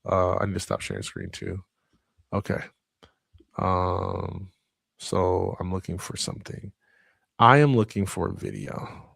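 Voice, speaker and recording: A low-voiced man with a gravelly edge runs a casual motivational livestream, chatting freely and thinking out loud as he goes. His delivery is animated and conversational. The sound is close and dry. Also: unhurried, long pauses, no echo. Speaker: speaker and coach hosting a livestream.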